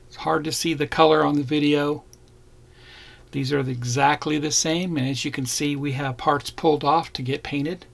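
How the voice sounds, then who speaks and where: A man's voice: on the high side, steady tone, moderate pace, vocal fry. A man narrating a casual model kit review, plainly pointing out parts as he shows them.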